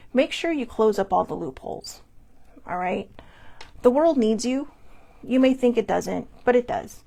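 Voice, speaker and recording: Candid woman host with gravelly voice. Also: on the high side. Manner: candid, confessional. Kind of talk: personal mental health monologue.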